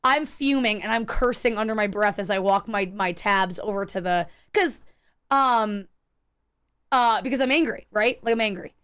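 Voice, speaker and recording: A woman streamer chatting casually while gaming, telling stories in a profane, animated way and acting out the people in them. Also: medium pitch, moderate pace, clean tone. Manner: acts out quoted people in her stories.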